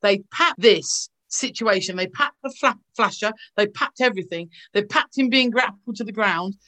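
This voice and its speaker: An actress in a casual interview, speaking over a video call. She tells stories in a gushing, anecdotal way at an ordinary pitch. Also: moderate pace, sharp tone. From England. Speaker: actress guest.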